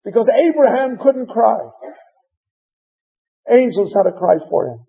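High-voiced man preaching a story sermon. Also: lively intonation, measured pace, creaky. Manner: storytelling, mixing in Hebrew terms. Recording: dull lo-fi recording.

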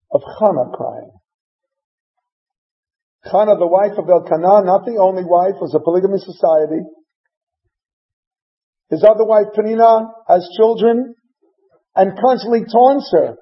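A rabbi giving a sermon, retelling scripture in a dramatic, emphatic storytelling manner. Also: male voice, high-pitched, a little slow, vocal fry, long pauses. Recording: dull lo-fi recording.

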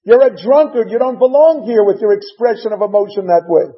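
A man's voice: high-pitched, brisk, slightly rough, long reverb tail, highs cut off. A man doing a stern, scolding priest. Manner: accusing, scolding. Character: stern old male priest scolding a woman.

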